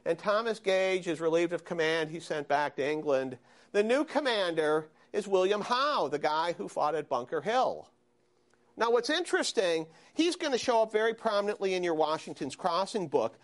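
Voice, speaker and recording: A man lecturing a university history class, animated and questioning his students. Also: high-pitched, moderate pace. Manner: animated, asks students questions, frequent "okay?". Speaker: history professor.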